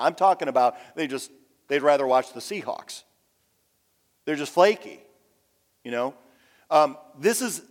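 A man's voice: on the high side, big-room sound. A man preaching a sermon as a pastor in a conversational style, stretching out key words for emphasis and letting phrase ends trail off.

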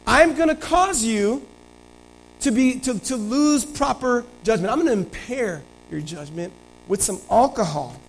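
Preacher guy doing a smooth scheming king, high voice, all casual and coaxing. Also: animated, measured pace, slight background noise, full character voice, poor audio. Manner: casual modern paraphrase, coaxing. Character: scheming middle-aged king, smooth and persuasive.

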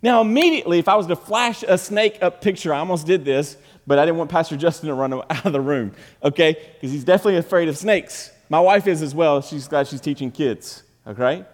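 Male pastor, high voice, dynamic emphatic sermon delivery, long church-hall reverb. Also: fairly quick, hardly any pauses. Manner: swings between loud emphatic preaching and quiet, low asides. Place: church sanctuary.

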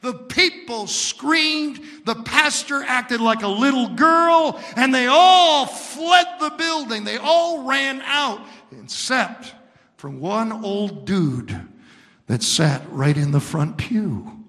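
A male pastor preaching slowly and emphatically, with a high, gravelly, bright voice. He stacks repeated lines and swings between shouting and quiet, and every word rings through a long church reverb. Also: expressive. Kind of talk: sermon.

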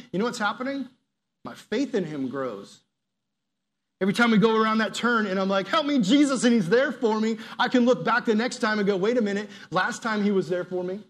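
Animated male youth pastor preaching. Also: high voice. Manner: animated, acts out quoted prayers, drops to soft earnest appeals. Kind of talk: sermon.

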